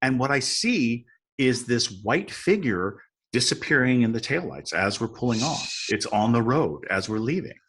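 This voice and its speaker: A man who is a podcast guest, telling a story in a lively, dramatic and self-mocking way. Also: mid-range voice, moderate pace, husky. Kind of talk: animated storytelling in a chat.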